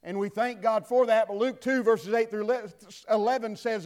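A man preaching a sermon as pastor, reading scripture aloud and swinging between loud proclamations and hushed asides. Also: sits high, fairly even intonation, moderate pace, few pauses.

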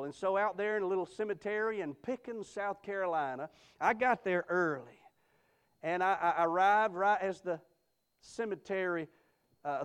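A man preaching a sermon, telling a story with emphatic, rising delivery and frequent amens. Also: a little high.

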